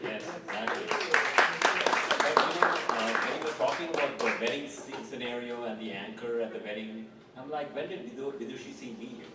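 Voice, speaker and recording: A man emceeing an open mic in loose, joking, halting banter. His voice comes from far away in a heavily echoing room, with loud noise and clicks behind it. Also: medium pitch, over a noisy crowd.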